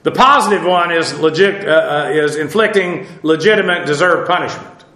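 Man teaching scripture, bright echoey voice. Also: a little high. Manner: measured, many pauses and fillers, spells out Greek words. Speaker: pastor. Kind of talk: expository Bible teaching.

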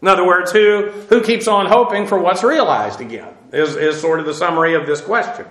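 A man teaching a Bible passage verse by verse, halting with many fillers and spelling out Greek words letter by letter. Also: high voice, a bit bright, echoey room, rough recording.

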